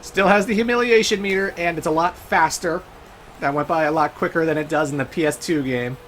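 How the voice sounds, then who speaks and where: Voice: mid-range voice, brisk, a bit bright, slight background noise. A let's play host giving casual, chatty gameplay commentary, laughing often and swearing now and then.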